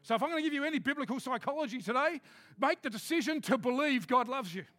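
A man preaching a sermon, emphatic, switching between quick asides and slow, loud declarations. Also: very high-pitched, animated, dry recording, soft background music.

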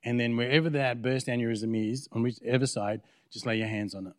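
A man's voice: medium pitch, moderate pace, no room sound, clean studio sound. A man preaching a sermon as pastor, telling a personal story and acting out the dialogue. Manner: storytelling, acts out quoted dialogue. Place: church.

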